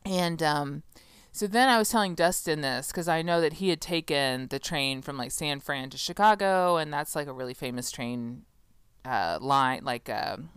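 A woman's voice: sits low, moderate pace, fairly bright tone, smooth, no echo, studio quality. A woman co-hosting a podcast in casual chat, chatty and sarcastic, rambling and laughing often. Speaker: podcast co-host.

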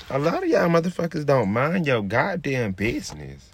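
A man's voice: very animated, normal speed, a little hiss or hum. A man, ranting on his podcast in a brash, profane, casual way. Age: 20s. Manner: drops into a low, laid-back murmur while rolling a blunt. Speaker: podcast host. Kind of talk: casual rant.

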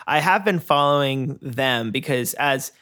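A man co-hosting a podcast, talking in an easygoing, rambling way. His pitch sits at a medium level. He chats casually and fills his sentences with "like" and "you know.". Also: expressive, unhurried, sharp tone. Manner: laid-back, rambling with many fillers. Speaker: podcast co-host. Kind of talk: casual chat.

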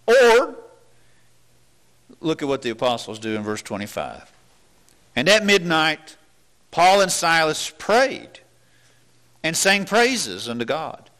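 This is a man giving a sermon, his voice a bit high, bright, and forceful. He's earnest and questioning, frequently restarting, and he drops his voice low whenever he voices doubtful thoughts.

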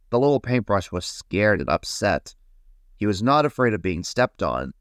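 Low, lively male storyteller. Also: no echo, clean studio sound. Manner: gentle, slow, guiding listeners. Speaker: host and storyteller. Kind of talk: children's story reading.

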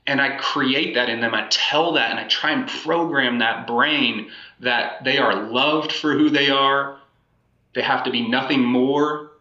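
A man's voice: medium pitch, sharp tone, echoey room, lo-fi sound. A man talking earnestly and reflectively as a podcast guest, repeating phrases for emphasis. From United States. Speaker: podcast guest, life coach. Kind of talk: casual podcast conversation.

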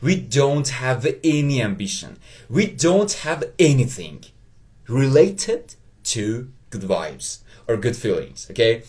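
A man with a Persian accent, a native Persian speaker, hosting a motivational solo podcast in English, earnest and halting, often checking in with "okay?". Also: medium pitch, big pitch swings, a little mellow. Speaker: podcast host.

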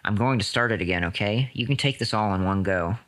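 A man reading as a gentle, coaxing young man. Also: fast talker, lightly acted. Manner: low, soft reading of quoted lines.

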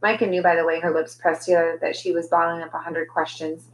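Low-voiced woman reading a storybook. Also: level tone, quick pace, a little hiss or hum, low-quality recording. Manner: gentle storytelling with quoted lines voiced. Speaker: teacher reading to a class. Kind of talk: reading a children's novel aloud.

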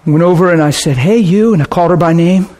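A man preaching, telling a lively testimony story with laughter and a short sung passage. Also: fairly high pitch, quick pace. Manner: animated storytelling, bursts of laughter, sings a hymn line. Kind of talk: testimony sermon.

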